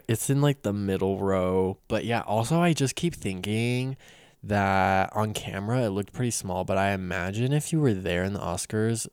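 A young man hosting a podcast, telling a casual story in an excitable way, laughing often and bursting into loud emphasis. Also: sits low, clear, resonant tone, no room sound, studio quality. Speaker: podcast host.

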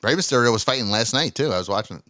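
A man's voice: medium pitch, racing, dry recording, clean studio sound. A man telling stories in a casual podcast chat and acting out quotes along the way. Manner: animated storyteller, acts out quotes. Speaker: podcast guest.

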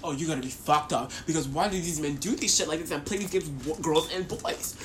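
A young woman co-hosting a podcast, telling a story in casual chat with animated, profane ranting. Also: deep voice, fast, a little hiss or hum. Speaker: podcast co-host.

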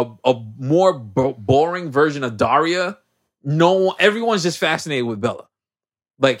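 A man hosting a podcast, recapping a movie in a casual, animated, slangy way. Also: fairly high pitch. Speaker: podcast host.

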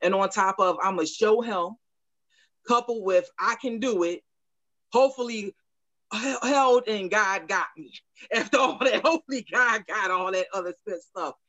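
A woman's voice: mid-range voice, moderate pace, a bit bright, no room sound, muffled recording. A middle-aged woman telling a personal story candidly in a casual group chat, laughing often.

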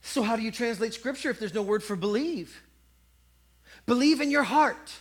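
A man's voice: very high voice, animated, moderate pace. A man preaching a sermon, telling a story and acting out the voices of a cheering crowd.

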